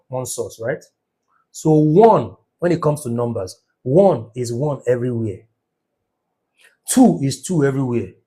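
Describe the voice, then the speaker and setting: With a warm, mid-range voice edged with breathiness, a middle-aged man teaches business numerology in a fervent lecture. He emphasizes words by lengthening them and leans on rhetorical questions.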